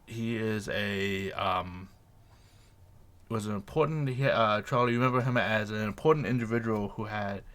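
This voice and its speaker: A man runs a tabletop session, describing scenes in a loose, meandering way. His voice is bright and his narration is casual and unpolished. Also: on the low side, normal speed. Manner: loose, searching, many fillers and restarts. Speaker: game master.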